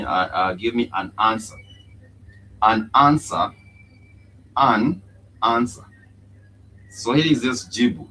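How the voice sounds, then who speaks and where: A man teaching a live-streamed language lesson, pausing often with "uh" and repeating each word slowly for learners. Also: fairly low pitch, low-quality recording. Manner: halting, many "uh" fillers, repeats words slowly for learners. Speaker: Swahili teacher. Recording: faint background noise.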